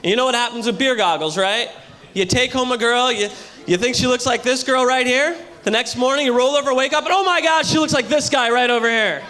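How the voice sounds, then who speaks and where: A man doing a loud, punchy stand-up comedy set on a hotel ballroom stage, with a live audience audible. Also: very high-pitched, fairly quick. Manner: loud, punchy delivery to a crowd.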